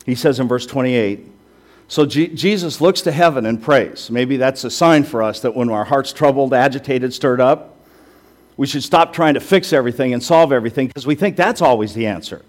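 A man's voice: medium pitch, moderate pace. A male pastor preaching a sermon in a conversational way, with rhetorical questions and self-deprecating asides.

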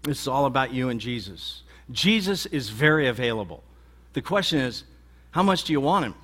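A man's voice: medium pitch, sing-song, fairly quick, a bit bright. A man pastor preaching a sermon in a conversational, emphatic and folksy way.

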